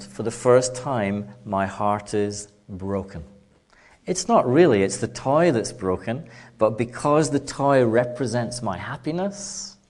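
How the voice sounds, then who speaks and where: A middle-aged man gives a spiritual lecture in a hall, with a playful storytelling manner. His voice sits at an ordinary pitch, and he now and then slips into small acted voices. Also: darkish tone. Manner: playful storytelling, acts out child and adult voices, laughs often. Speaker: speaker giving a public talk. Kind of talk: spiritual lecture to a live audience.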